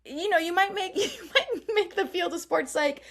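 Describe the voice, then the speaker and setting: A middle-aged woman performance coach chatting as an interview guest, animated, laughing often and acting out the lines she quotes. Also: very high-pitched, moderate pace. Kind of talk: casual interview chat.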